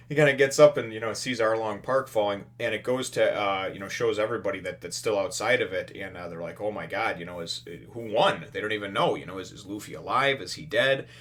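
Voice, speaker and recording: A man's voice: fairly low pitch, a bit bright. A man hosting a casual manga chapter review, retelling the plot in a rambling, filler-heavy way and acting out the characters' lines playfully.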